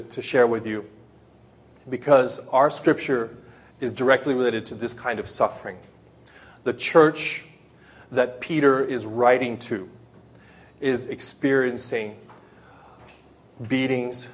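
A man preaching a sermon in a church in Japan, retelling stories with frequent restarts and self-corrections. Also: medium pitch. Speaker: pastor.

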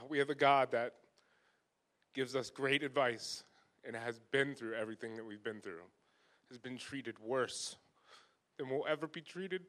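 A man's voice: mid-range voice, a little slow, long pauses, a bit bright. A man leading a church gathering, speaking earnestly and emotionally in a conversational, self-deprecating way. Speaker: church leader. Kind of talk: informal church talk.

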